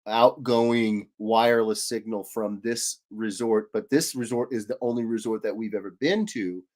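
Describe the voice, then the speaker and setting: A man's voice: lowish voice, steady tone, normal speed, darkish tone. Male stream host in his 30s, rambling and jokey, reads chat aloud. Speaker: host of an art livestream. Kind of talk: casual livestream chat.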